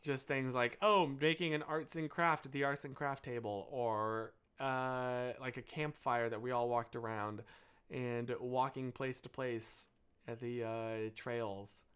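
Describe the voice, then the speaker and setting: A man's voice: medium pitch, steady tone, measured pace, a bit bright, clear, resonant tone. A young American man hosting a live stream, chatting casually with viewers and wandering off on tangents. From United States. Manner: rambling, self-interrupting, apologetic asides. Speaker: livestream host.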